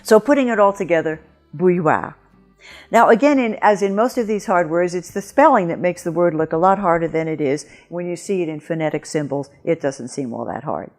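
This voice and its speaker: Female pronunciation teacher, low-set voice, slow careful modeling, faint music bed. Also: a little mellow. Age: older. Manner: clear, deliberate, models sounds slowly. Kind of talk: scripted video lesson.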